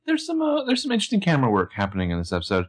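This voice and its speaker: A man with a lively, swooping pitch co-hosts a casual podcast. He recaps a TV episode, often jumping into the characters' lines with loud, high-pitched shouts. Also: rapid-fire. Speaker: podcast co-host.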